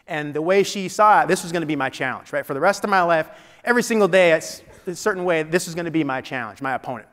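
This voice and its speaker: A man's voice: on the high side, quick pace, a bit bright, clear, resonant tone. A man giving a motivational keynote speech, telling a personal story in a conversational way with frequent restarts. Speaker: keynote speaker. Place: large meeting hall. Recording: long hall reverb.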